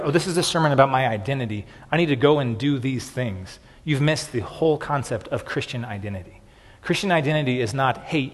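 An earnest male pastor preaching a sermon, his husky voice carrying a long reverb through a church hall. He often doubles words and drops "okay" between points, and his pitch sits in a middle range.

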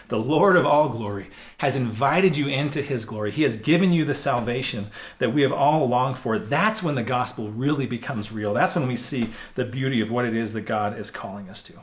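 A man delivers a sermon in a relaxed, conversational way, earnest and plainspoken. His voice sits in a middle pitch, and he often restarts phrases and repeats words as he works through his points. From United States. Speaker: pastor.

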